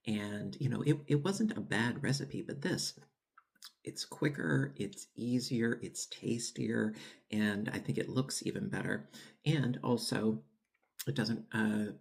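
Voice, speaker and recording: A man's voice: on the low side, slow pace, creaky. A man hosting a home baking channel, chatting casually and rambling with lots of fillers and restarts while tasting his bread. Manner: savoring food while talking. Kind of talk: casual cooking vlog talk.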